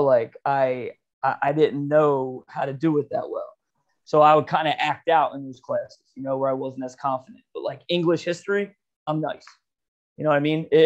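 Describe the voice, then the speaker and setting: A man co-hosting a podcast, telling a rambling, profane story in casual chat and laughing often. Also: mid-range voice. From Philadelphia area. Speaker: podcast co-host. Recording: dull lo-fi podcast audio.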